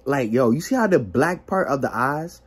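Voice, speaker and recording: Telling a story from his own life at a moderate pace, a young male vlogger sounds a bit husky with a gentle breathiness. He's casual and animated, constantly jumping into quoted dialogue full of exclamations, his pitch bouncing as he imitates people.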